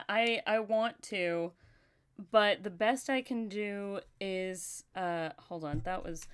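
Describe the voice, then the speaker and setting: A woman hosting a casual livestream chat, talkative and quick to laugh, often talking to herself as she goes. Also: mid-range voice, fairly bright tone, clear, resonant tone. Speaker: livestream host.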